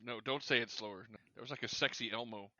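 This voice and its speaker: A man co-hosting a casual podcast, teasing and quick to laugh. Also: mid-range voice, sharp tone, no room sound, lo-fi sound. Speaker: podcast co-host. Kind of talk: casual chat.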